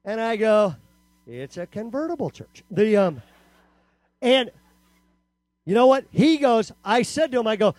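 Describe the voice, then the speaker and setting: A man preaching an animated youth camp sermon to teenagers, telling stories and acting out quotes in a punchy way. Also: sits high, moderate pace, no echo. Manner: storytelling, punchy, acts out quotes.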